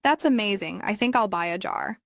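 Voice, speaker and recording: A woman with a mid-range, close-to-everyday voice speaks fairly quickly with lively intonation, recorded clean in a studio with no room sound. She voices a polite young woman making pleasant small talk with sellers and friends.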